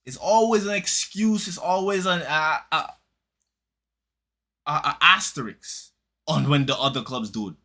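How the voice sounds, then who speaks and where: A man's voice: a little high, a little slow, long pauses, sharp tone. A man giving a heated, mocking football reaction commentary, using street slang and repeating lines for emphasis.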